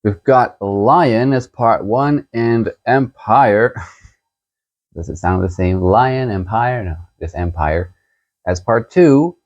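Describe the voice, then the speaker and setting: A man hosting a book channel, chatting casually as he shows a book set and reviews a novel, unhurried and chuckling as he thinks aloud. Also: fairly low pitch, darkish tone, muffled recording.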